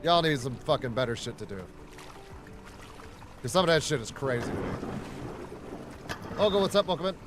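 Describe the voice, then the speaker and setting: A man's voice: a little high, animated, moderate pace, long pauses, music in the background. A man live-streaming a video game, chatting casually and profanely with his viewers while he plays. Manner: profane, rambling, talks to chat and the game. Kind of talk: casual gaming livestream chat.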